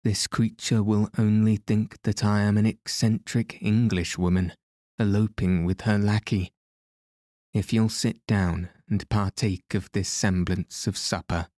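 A man voicing a gentle, resolute English noblewoman who speaks softly and formally. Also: lowish voice, fairly even intonation, a little slow, no echo, studio quality, natural voice. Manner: soft, formal speech.

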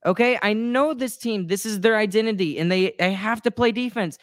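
Woman co-host, emotional and exasperated, stumbling restarts, mid pitch, dry booth. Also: brisk, no echo. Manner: frustrated, rambling with restarts and apologies. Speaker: sports podcast co-host. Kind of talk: casual chat.

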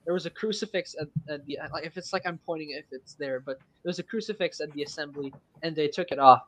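A man's voice: on the high side, quick pace, fairly bright tone, rough recording. An eighteen-year-old man from Quebec whose first language is French. He is chatting casually as a stream guest, rambling with plenty of fillers and restarts. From Quebec, Canada. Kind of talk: casual chat.

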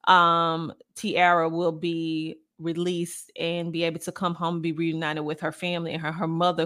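Loud, animated woman podcast host. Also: fairly low pitch. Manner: reads out and answers viewer comments. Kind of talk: casual commentary podcast.

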